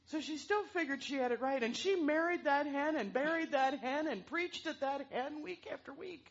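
A woman telling a story aloud in an animated way, throwing in sound effects. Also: high-pitched, moderate pace, hardly any pauses, highs cut off. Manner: lively, with vocal sound effects.

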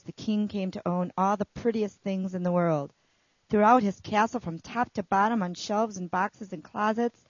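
A woman reading a children's story aloud in an expressive storytelling manner. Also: mid-range voice, no echo, muffled recording.

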